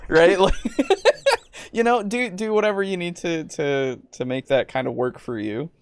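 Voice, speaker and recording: A man's voice: on the high side, a little slow, clean tone. A man co-hosting a podcast, chatting casually about tabletop games, rambling with many fillers, swearing and laughing often. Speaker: podcast co-host.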